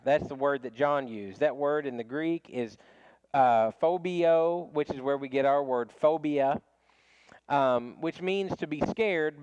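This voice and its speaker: A man's voice: medium pitch, darkish tone, clear, resonant tone, no room sound, highs cut off. A man teaching a casual Bible study class, talking conversationally with frequent restarts and small chuckles.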